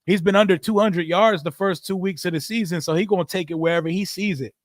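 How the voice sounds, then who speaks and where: A man's voice: sits high, quick pace, no room sound, clean studio sound. Profane, joking male streamer. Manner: loose, profane, joking, reads chat aloud. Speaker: watch party streamer. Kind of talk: casual live reaction and play-by-play.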